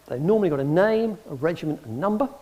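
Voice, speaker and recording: A man's voice: on the high side, fast, muffled recording. A man giving an anecdotal public talk in a hall, telling stories and acting out the people in them. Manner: lively storyteller, acts out the people in his stories. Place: public hall in front of an audience.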